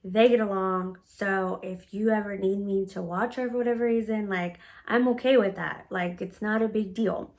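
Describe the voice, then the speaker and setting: A woman's voice: medium pitch, normal speed, hardly any pauses. A woman casually telling a story from her own life. She talks bluntly, swears freely, uses lots of filler words, and acts out her own past words as she goes. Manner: animated retelling, often acting out her own past words. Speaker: storytime vlogger.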